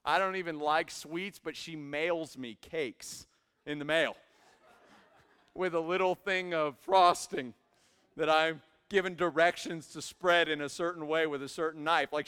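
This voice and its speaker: A young man preaching in a church sanctuary, his slightly high, smooth voice carrying a long hall reverb. He moves between quiet, conversational stretches and loud, emphatic peaks. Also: steady tone, normal speed. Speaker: pastor. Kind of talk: sermon.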